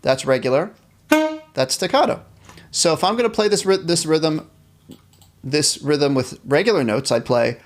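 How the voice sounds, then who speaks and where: A man's voice: a little high, moderate pace, pauses often, faint music behind. A man teaching a live online band class, cheerfully reading chat questions aloud and encouraging students. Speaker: music teacher.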